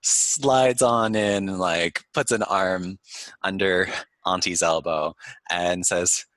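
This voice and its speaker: Man player, slow laid-back talk, low voice, dry sound. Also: steady tone, a bit bright, no echo. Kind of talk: tabletop role-play.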